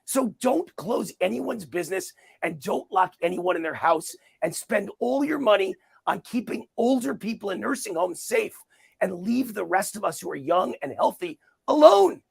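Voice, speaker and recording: A middle-aged man speaks in a high, gravelly voice with a husky edge. He argues his case in an interview, forceful and combative, driving each point home through repetition. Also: animated, moderate pace. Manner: emphatic, combative, repeats points for emphasis. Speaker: interview guest, commentator. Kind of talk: heated political interview talk.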